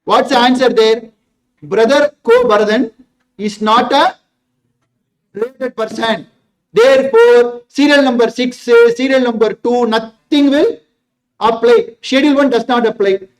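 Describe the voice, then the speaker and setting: A man's voice: extremely high pitch, animated, a little slow. A man with a Tamil Indian English accent teaching an exam revision class, emphatic and repetitive, firing rhetorical questions at the class.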